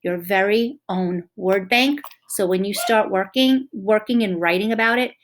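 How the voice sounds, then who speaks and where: A woman teacher speaks gently to young children in a lesson. She is encouraging and patient, and she slows down to sound out the letters of simple words. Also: mid-range voice, a little hiss or hum.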